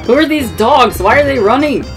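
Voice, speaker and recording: A woman's voice: high voice, expressive, normal speed, low-quality recording. A teenage girl co-playing a game, distracted, swearing and muttering to herself. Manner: distracted, swears, mutters under her breath. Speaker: let's play co-player. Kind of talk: casual gaming chat. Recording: music playing in the background.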